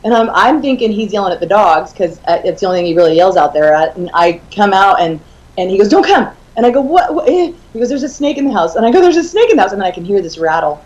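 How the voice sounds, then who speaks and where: A woman in her fifties, a guest in an interview, telling animated stories and laughing often. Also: mid-range voice, quick pace. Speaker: author and guest. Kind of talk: casual storytelling in an interview. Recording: slightly muffled audio.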